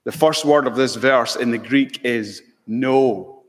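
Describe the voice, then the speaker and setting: A man preaches in a slow, deliberate sermon style, leaning hard into key words and rising to fervent peaks. His voice sits in an ordinary middle range. It rings out with a long reverb, as in a church sanctuary. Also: medium pitch. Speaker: pastor.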